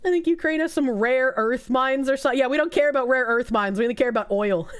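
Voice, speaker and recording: A woman's voice: high voice, fairly quick, clean tone. A woman from the United States who streams, chatting casually and sarcastically with her viewers and laughing often. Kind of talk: casual chat reacting to viewer comments.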